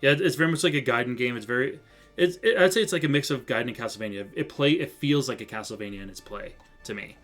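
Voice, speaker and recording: A male streamer chatting through a live game in a mid-pitched, easygoing voice. He rambles and laughs easily, with faint music in the background. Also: quick pace, fairly bright tone. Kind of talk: live gameplay commentary.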